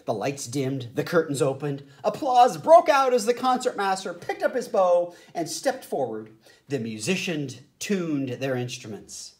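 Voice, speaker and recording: A woman teacher reading a picture book aloud to young children as an expressive storyteller. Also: low-pitched, a little slow. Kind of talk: children's read-aloud narration.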